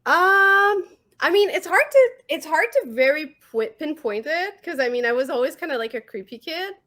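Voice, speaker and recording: A woman with a French accent, co-hosting a podcast in casual chat, animated and giggly with quick asides, on a remote call mic. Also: high-pitched. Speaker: podcast co-host.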